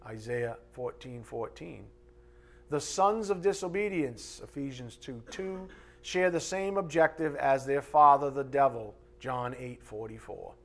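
A man's voice: mid-range voice, a little slow. A man preaching a sermon who teaches from a board and slips into mocking voices for his asides. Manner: animated, mimics voices in asides. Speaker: pastor. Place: church or teaching room with a board.

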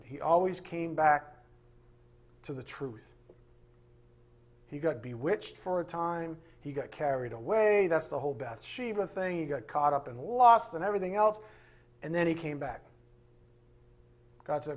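Leading a Bible class loosely and conversationally, a man with a voice a little high for a man teaches at a moderate pace. He's animated, cracking jokes and acting out playful voices as he goes.

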